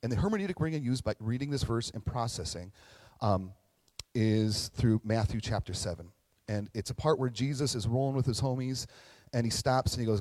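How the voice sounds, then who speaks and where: A man's voice: mid-range voice, brisk, darkish tone, dry recording. A young man, a pastor, giving a casual, storytelling sermon and acting out the voices he quotes.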